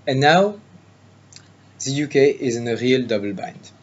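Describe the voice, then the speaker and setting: A man's voice: mid-range voice, a little mellow, lightly acted. A smug Frenchman with a thick French accent holds forth in a pompous, mocking speech, as a man puts him on. He lectures his listeners as a chauvinist speechmaker. The recording is slightly dull, with a faint hum behind it. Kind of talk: mock speech for interpreting practice.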